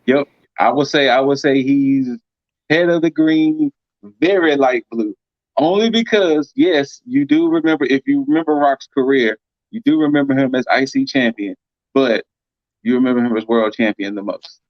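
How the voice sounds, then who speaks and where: A man's voice: mid-range voice, normal speed, no room sound. A man in a casual panel chat giving blunt opinions, sometimes stumbling over words, on a slightly dull lo-fi mic.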